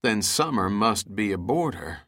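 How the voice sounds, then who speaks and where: A man's voice: lowish voice, sing-song, measured pace, a bit bright, voice pushed down, heavily acted. A man voicing a dazed, injured diver from Texas, with slurred and groggy speech, in a storybook reading.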